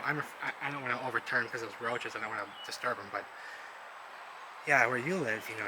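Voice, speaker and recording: Excitable rambling man outdoors by traffic. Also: mid-range voice. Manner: excitable, rambling, addresses viewers directly. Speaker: vlogger exploring ruins. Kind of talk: casual walk-and-talk commentary. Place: outdoors among rubble and old brickwork. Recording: loud outdoor traffic noise.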